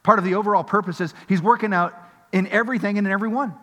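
A middle-aged male pastor giving a conversational sermon that builds into animated storytelling. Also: sits high, rapid-fire. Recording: long hall reverb.

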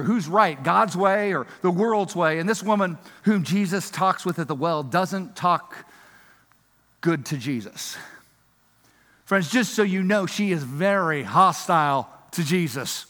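A man's voice: high voice, fairly bright tone, in a large hall. A man pastor preaching a sermon in a church, earnest and emphatic, asking the congregation rhetorical questions.

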